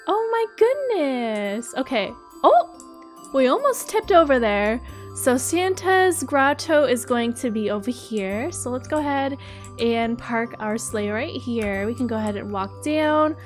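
A young woman giving bubbly, excitable role-play game commentary, gasping often. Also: on the high side, unhurried, soft background music. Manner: bubbly and excitable, frequent gasps. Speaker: gaming YouTuber.

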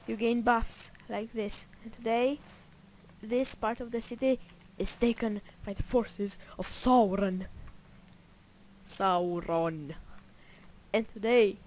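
A woman's voice: fairly high pitch, slight background noise. A woman giving casual gameplay commentary in a playful, rambling way, with joking asides to herself. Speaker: gameplay narrator.

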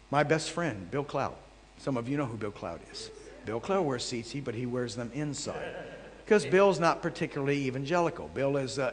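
A man teaching a live audience as a traveling Bible teacher, telling animated anecdotes with jokey asides to the crowd. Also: mid-range voice, a little hiss or hum. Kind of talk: storytelling sermon. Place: large hall before a live audience. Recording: long hall reverb.

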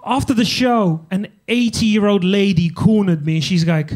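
A man's voice: high voice, normal speed, few pauses, a little mellow. A young man from Eastern Europe doing a stand-up comedy set on a club stage, talking with the crowd in a laid-back, profane way.

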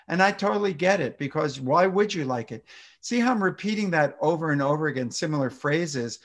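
Male pediatrician guest, fairly high voice, animated explainer who acts out dialogue. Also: fairly quick. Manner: lively, acts out example dialogue in exaggerated voices. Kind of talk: explaining parenting advice in a conversation.

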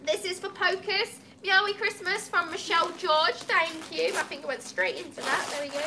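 A woman's voice: very high voice, moderate pace, few pauses, noisy background. A woman opening gifts at a cat cafe, chatting casually and cooing at the cats. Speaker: cat cafe staff member.

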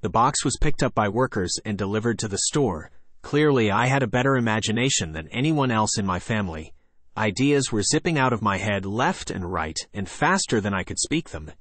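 A man narrating a children's chapter book in the first person, reading in a lively, conversational way. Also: on the low side, no echo. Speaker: audiobook narrator.

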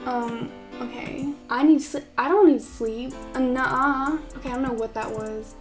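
A woman's voice: sits high, fairly even intonation, moderate pace. A young woman giving casual, confused, exclamation-filled commentary while playing a game for the first time. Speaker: gaming YouTuber. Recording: clear background music under voice. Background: background music.

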